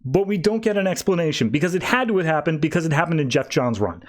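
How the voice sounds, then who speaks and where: A man hosting a podcast, casually recapping a comic issue and voicing the characters in quick, animated asides. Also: fairly high pitch. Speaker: podcast host.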